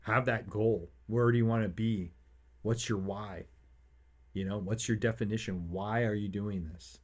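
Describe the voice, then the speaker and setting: A man hosting a motivational podcast, rambling through personal stories and growing excited and emphatic. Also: on the low side, unhurried. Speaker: podcast host.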